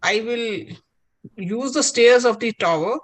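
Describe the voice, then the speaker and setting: A man's voice: very high voice, a little slow, rough recording. A woman voicing a clever, cheeky young male science student who patiently explains his answers. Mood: cheeky explaining.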